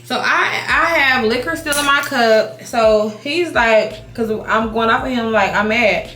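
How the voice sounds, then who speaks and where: A woman in her thirties telling a casual storytime while doing her makeup, animated, swearing, restarting her sentences. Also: fairly high pitch, a little slow, echoey room, faint music behind. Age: 30s. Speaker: beauty vlogger. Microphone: compact camera mic.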